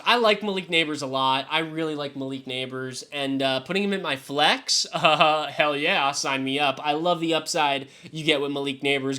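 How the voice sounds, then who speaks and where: A young male streamer with a bright, fairly high voice talks loosely to his live chat. He swears freely and keeps up an easygoing commentary. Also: moderate pace, hardly any pauses. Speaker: fantasy football streamer.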